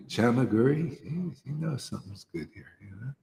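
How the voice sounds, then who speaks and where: A man's voice: medium pitch, expressive, normal speed, vocal fry, hardly any pauses, mellow. A man giving an informal devotional talk to a small group, earnest and slangy, peppering his words with "you know" and "man". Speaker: spiritual teacher. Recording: roomy hall echo.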